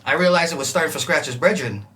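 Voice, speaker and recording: This fast-talking, bright-voiced man pitched fairly high is a music producer guest spinning stories in a relaxed conversation. Laughing and animated, he mimics scratches and vocal lines, recorded on a distant mic with faint room noise.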